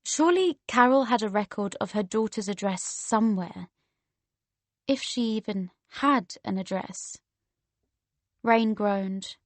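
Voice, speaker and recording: A woman narrating a romance audiobook in the first person, in a measured storytelling manner. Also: mid-range voice, animated, no room sound.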